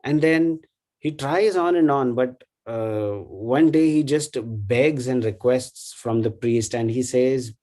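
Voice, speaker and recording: Speak as a thoughtful man giving a halting devotional talk. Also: mid-range voice, dark tone. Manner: thoughtful, halting, with many fillers and tag questions.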